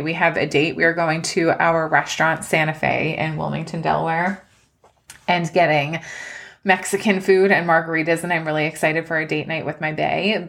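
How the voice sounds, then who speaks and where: A woman in her thirties hosts a personal life-update podcast, speaking earnestly and emotionally, close to tears at times. Her voice is low-pitched with a fairly bright tone.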